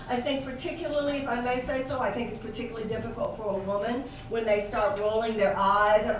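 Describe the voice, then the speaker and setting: A woman delivers a passionate, rhetorical address to a live audience, piling up questions and raising her voice for emphasis. Her voice sits a little high and is heard from a distance. The sound is very echoey, with noise underneath. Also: brisk, hardly any pauses. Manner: rousing, rhetorical, builds to loud emphasis. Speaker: guest speaker. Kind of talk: impassioned speech at a benefit show. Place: indoor venue with audience. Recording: echoey room from far off with crowd noise.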